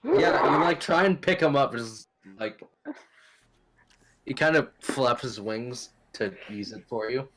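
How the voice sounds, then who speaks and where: A man's voice: mid-range voice, measured pace, fairly bright tone. A man narrating a tabletop game as game master. He talks in a loose, casual way, and faint noise sits behind his voice.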